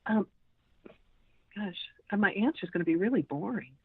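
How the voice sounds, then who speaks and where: A woman's voice: medium pitch, moderate pace, husky, no room sound. A woman in her sixties, a podcast guest talking casually and hesitantly, with many ums and restarts. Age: 60s. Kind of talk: casual interview conversation. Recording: tinny phone line.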